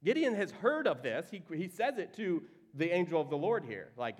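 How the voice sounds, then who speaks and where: Animated male preacher with a lively voice. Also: moderate pace, few pauses. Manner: animated, acts out quoted voices with big swings in pitch and volume. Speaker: pastor. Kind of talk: sermon.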